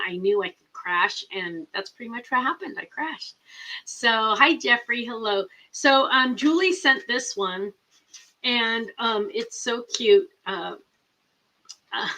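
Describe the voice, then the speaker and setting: Bright, chatty middle-aged woman. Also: fairly high pitch, unhurried, rough recording. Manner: chatty, rambling, reads viewer comments aloud. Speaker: host. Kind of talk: casual live chat.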